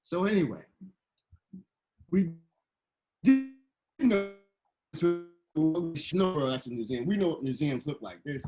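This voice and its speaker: A man telling a playful, animated story to children, slipping into voices as he goes, on a video call. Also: fairly high pitch, a little slow, long pauses, loud music behind the voice, low-quality recording. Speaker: guest illustrator and storyteller.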